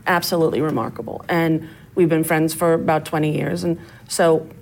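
A middle-aged woman, a comedian telling stories in a casual interview and acting out quotes with big jumps in pitch. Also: level tone, brisk, a little mellow, a little hiss or hum, low-quality recording. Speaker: comedian guest.

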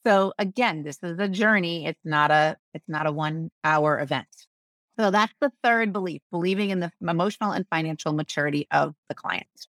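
A woman business coach talking as a podcast guest, animated, acting out quick voices and often asking "right?". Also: low voice, no room sound, clean studio sound. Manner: animated, acts out voices, asks rhetorical "right?". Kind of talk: podcast interview.

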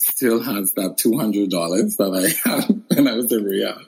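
A man's voice: on the low side, measured pace, creaky, low-quality recording. A man from the Bahamas, a guest in a casual interview, telling his story expressively and laughing often. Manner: expressive, laughs often, acts out quoted voices.

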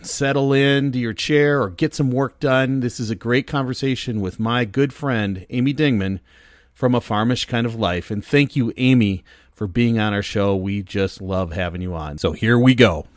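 A man's voice: mid-range voice, moderate pace, no echo. A man hosting a podcast, talking in an upbeat, chatty, folksy way. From US Midwest. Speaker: podcast host. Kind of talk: casual podcast chat.

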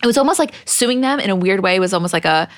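A woman's voice: mid-range voice, fast talker, dry recording, clean studio sound. A young adult woman co-hosting a podcast, chatting casually and retelling scenes with quoted lines. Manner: animated retelling, acting out quotes. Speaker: podcast co-host. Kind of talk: casual recap chat.

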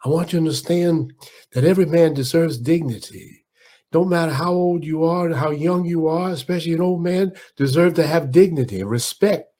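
Guy putting on a booming proud boxing champ, high and loud, kinda husky, preachy and emphatic. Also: moderate pace, natural voice. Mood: indignant. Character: impression of a famous boxer, commanding proud man.

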